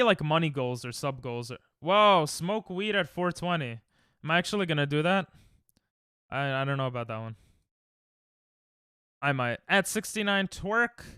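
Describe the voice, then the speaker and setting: A young man streaming, chatting casually and rambling to his live chat, laughing often and breaking into sudden high yelps. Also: bright, forceful tone, smooth, dry recording, clean studio sound.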